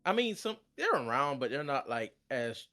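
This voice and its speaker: A man's voice: medium pitch, sing-song, normal speed, sharp tone, faint music behind. A man co-hosting a gaming podcast, talking loosely with lots of fillers and easy laughter. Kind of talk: casual chat.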